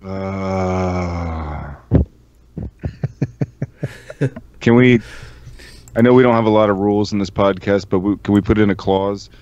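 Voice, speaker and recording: A man's voice: deep voice, slow, long pauses, darkish tone, slight background noise. A man co-hosting a podcast in casual chat, swearing often and laughing through his stories. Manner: profane, laughing storyteller. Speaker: podcast co-host. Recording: dull lo-fi mic.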